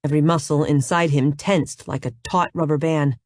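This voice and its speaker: Brief: female audiobook narrator, low register, steady, dry studio sound. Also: moderate pace, no echo.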